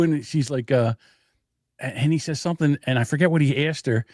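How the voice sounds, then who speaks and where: A man's voice: on the high side, a little fast, no room sound, clean studio sound. Chatty middle-aged man telling a rambling story. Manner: rambling storyteller who acts out other voices. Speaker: podcast host. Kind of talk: casual chat. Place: home studio.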